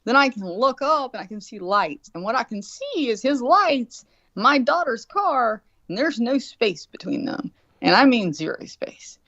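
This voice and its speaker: A woman in her forties tells a rambling, profanity-laced story, animatedly acting out what everyone said. Her fairly high voice runs a little slow, with no room sound on a dull, dry lo-fi recording.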